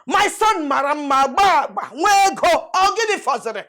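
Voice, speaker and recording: A woman's voice: extremely high pitch, expressive, unhurried, exaggerated voice. An actress with a Nigerian accent playing a domineering, boastful mother-in-law in a film drama, faint music underneath. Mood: scornful. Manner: boastful, mocking, loud. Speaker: actor.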